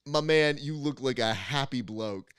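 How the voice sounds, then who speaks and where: A man hosting a casual panel show, chatty and playful, quick to laugh. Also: mid-range voice, a bit bright, clear, resonant tone, no echo, studio quality. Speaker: host.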